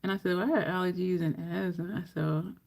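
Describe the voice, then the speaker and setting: A makeup vlogger chats casually through a tutorial, swearing, laughing and acting out the people in her story with animated energy. Her voice is fairly low and creaky, and she talks a little fast.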